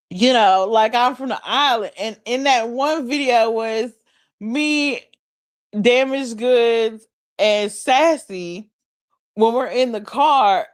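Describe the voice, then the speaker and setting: A woman chatting casually on a livestream, telling a rambling story with lots of laughs and swearing. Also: fairly high pitch.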